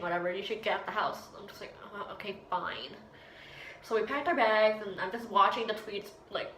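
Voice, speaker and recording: A woman's voice: a little high, fairly bright tone, reverberant, a little hiss or hum, poor audio. A seventeen-year-old girl telling a rambling story in a casual vlog, talking around a retainer and acting out what people said. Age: teens. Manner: rambling, chatty, quotes people in voices. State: speaking with a retainer. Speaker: vlogger.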